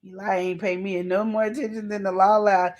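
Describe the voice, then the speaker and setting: A woman's voice: medium pitch, a little fast. A woman co-hosting a casual chat show, reading viewer comments and acting out quoted voices with lots of laughter. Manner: animated, acts out quoted voices; laughs often. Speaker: podcast co-host.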